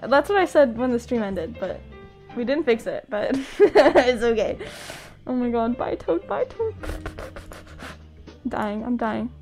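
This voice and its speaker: A young woman from the US West Coast chats casually with her viewers on a live stream, giggling, talking to chat and laughing often. Her voice is fairly high, animated, a little slow and a little mellow, with faint music in the background.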